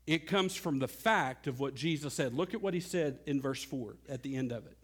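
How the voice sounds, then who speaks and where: A middle-aged pastor with a husky voice preaches earnestly at a moderate pace. His delivery shifts between quiet, low passages and loud, climbing ones.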